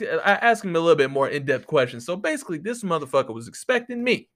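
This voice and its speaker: Man, pitched a bit high, close mic, profane casual rant, exasperated. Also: fairly bright tone. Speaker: podcast host. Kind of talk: casual ranting monologue. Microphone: close to the microphone.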